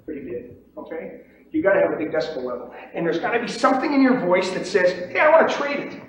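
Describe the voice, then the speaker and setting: A man's voice: high-pitched, very animated, fast. Man lecturing emphatically in an echoey room. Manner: emphatic and repetitive, checks in with "okay?". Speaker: commodities trading instructor. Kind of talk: seminar lecture. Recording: echoey room, distant mic, dull lo-fi, faint hiss.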